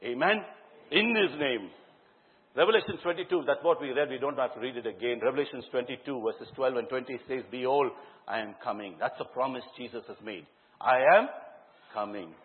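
A man preaching a sermon to a congregation, asking them questions and telling lively stories from his own life. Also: mid-range voice, brisk. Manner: questions the congregation directly and tells lively anecdotes. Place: church hall before a congregation. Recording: echoey hall, tinny phone-like sound.

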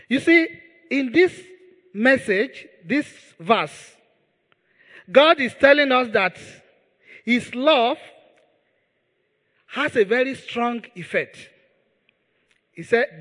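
High-voiced, bright pastor preaching in a hall. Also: male voice. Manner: emphatic, repeats key words, leads the congregation in prayer. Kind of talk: sermon.

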